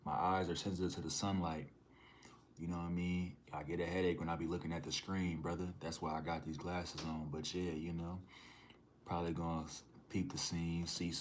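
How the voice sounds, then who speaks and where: Laid-back man with a very low voice. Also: a little hiss or hum. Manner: laid-back, slangy, reads comments aloud. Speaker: livestreamer reading chat. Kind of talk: casual live-stream chat.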